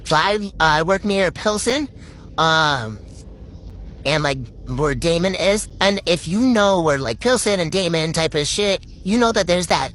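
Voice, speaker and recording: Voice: mid-range voice, animated, unhurried, a bit bright, a little hiss or hum. A young adult from Puerto Rico telling a story to camera in a rambling, swearing, filler-heavy way. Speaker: TikTok storyteller. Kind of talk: casual storytime monologue.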